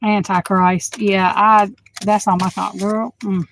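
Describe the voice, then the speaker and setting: A woman tarot reader chatting casually to her livestream viewers, blunt and outspoken, swearing freely and quick to flare up at the chat. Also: mid-range voice, level tone, vocal fry, a little hiss or hum, poor audio.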